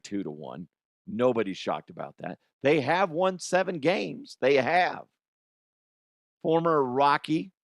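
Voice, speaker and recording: A man's voice: fairly low pitch, dry recording, clean studio sound. A man hosting a sports comedy show, ranting bluntly and cursing often. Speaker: sports comedy podcast host. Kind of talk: profane sports rant.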